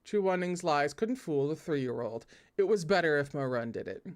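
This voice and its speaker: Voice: medium pitch, expressive, normal speed. A host reads a novel aloud for listeners in an easy, conversational way. The narration moves steadily and is broken up by playful comments and reactions to the story. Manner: chatty asides, laughs at the text.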